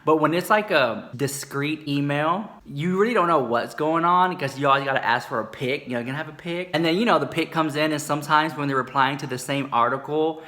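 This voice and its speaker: A man telling a gossipy story in a campy, sassy manner, calling the listener "girl" and jumping into high squeals and whispers. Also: a little fast, hardly any pauses, bright, forceful tone. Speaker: comedic storyteller.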